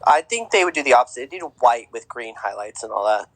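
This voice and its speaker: A man's voice: mid-range voice, lively intonation, fast talker, dry recording, low-quality recording. A young man co-hosting a podcast, chatting casually about sports with a rambling, filler-heavy way of talking. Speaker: podcast co-host.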